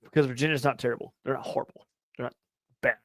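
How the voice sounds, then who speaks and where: A young man co-hosting a casual sports podcast, ranting loudly and profanely with a lot of repetition. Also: mid-range voice, steady tone, fast talker, no room sound. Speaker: podcast co-host.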